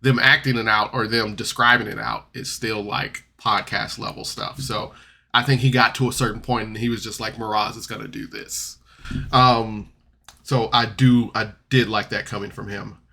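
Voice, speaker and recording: Man, podcast reviewer, casual recap, rambling, bright forceful voice. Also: lowish voice, fairly even intonation, moderate pace, gravelly. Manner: rambling, loose, full of "like" and restarts.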